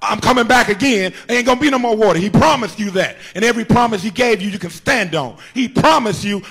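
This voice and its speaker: A man preaching a Good Friday sermon with fervor, repeating phrases and calling out to the congregation, at times rising to a shout. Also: high-pitched, fast, hardly any pauses, husky. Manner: fervent, repetitive, calls out to the congregation.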